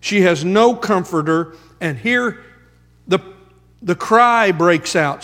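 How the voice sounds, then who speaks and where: A man preaching a sermon as pastor, quoting scripture and building to emphatic high points. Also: expressive, takes it slowly, a bit bright, in a large hall.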